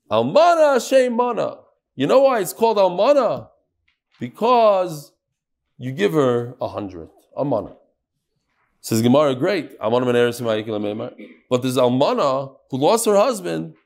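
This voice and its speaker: A man with a fairly high-pitched voice gives an energetic daily Talmud lesson, questioning his class as Hebrew and Aramaic expressions slip into his English.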